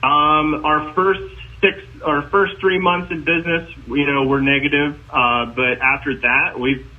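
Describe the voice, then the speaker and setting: A man's voice: on the high side, fairly even intonation, measured pace. A man from Colorado calling in with a question, speaking hesitantly with many fillers. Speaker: caller, restaurant owner. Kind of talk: phone-in question. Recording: tinny phone line.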